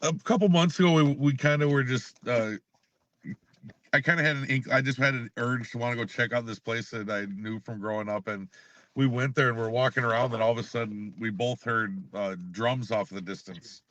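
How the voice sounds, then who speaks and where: A man who is a paranormal investigator, a guest on a podcast, telling his own stories hesitantly with many pauses. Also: mid-range voice, fairly even intonation, a bit bright, no room sound, muffled recording. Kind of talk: casual storytelling.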